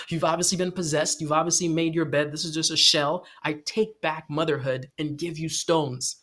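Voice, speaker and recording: A man co-hosting a casual podcast about poetry who talks in an animated way, laughs often, swears and uses lots of fillers. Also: on the high side, normal speed. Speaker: podcast co-host.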